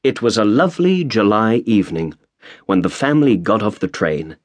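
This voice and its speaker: A man narrating a storybook in a measured, expressive way, close to a studio mic. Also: on the low side, no echo. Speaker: audiobook narrator.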